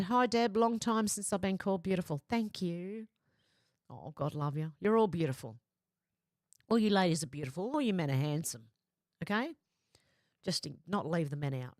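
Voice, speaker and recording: A woman with a lowish voice runs a live stream, reading viewers' comments in a flat, continuous voice and chatting back to them casually with asides. The studio sound is clean and echo-free.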